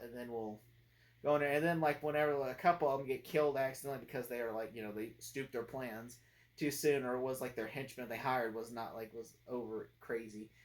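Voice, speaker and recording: Young guy rambling about a movie, tons of "like" and "you know", mumbles the quotes, mid pitch. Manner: rambling, lots of fillers, quotes lines in muttered voices. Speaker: movie reviewer. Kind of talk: casual rambling review.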